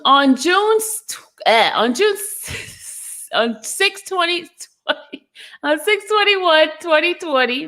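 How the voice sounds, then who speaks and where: A woman hosting a casual online show reads a letter aloud. She stumbles over words and laughs at her own slips. Her voice is high and bright, and she takes her time. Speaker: host.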